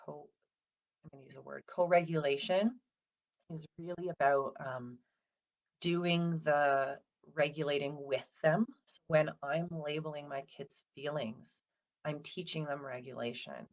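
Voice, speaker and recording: A woman in her thirties, a counsellor, giving a casual, gentle talk to parents in a chatty way, full of "like" and "um". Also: low-pitched, takes it slowly, pauses often. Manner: conversational, with frequent fillers like "like" and "um".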